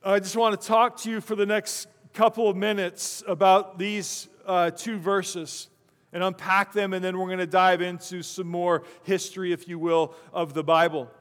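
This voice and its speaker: A pastor giving a conversational sermon, with chuckling asides, in a church sanctuary. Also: male voice, sits high, level tone, normal speed, a bit bright. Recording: long church reverb.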